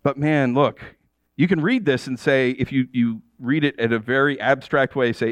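A man's voice: mid-range voice, moderate pace, dry recording. A man in his thirties preaching a sermon, telling stories and acting out the voices of people he quotes. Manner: animated storytelling, acts out quoted voices. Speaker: pastor.

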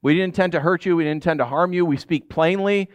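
Male pastor, 30s, from upstate New York, higher voice, dry close sound, animated storyteller. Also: fast talker, dry recording. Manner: animated storytelling, acts out shouted reactions. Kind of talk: sermon with personal stories.

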